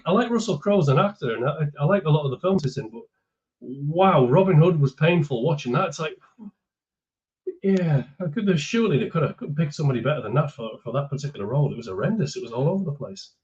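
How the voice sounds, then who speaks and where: A man's voice: a little high, a little mellow, highs cut off. A man in a casual chat, blunt and joking as he gives opinions.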